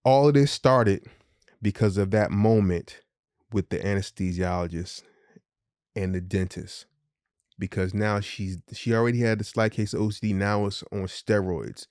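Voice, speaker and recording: A man's voice: fairly low pitch, fairly even intonation, normal speed, a little mellow, smooth, no echo, clean studio sound. A middle-aged man co-hosting a podcast, candidly telling a personal story in casual, profane speech and acting out the voices of the people in it. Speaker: podcast co-host.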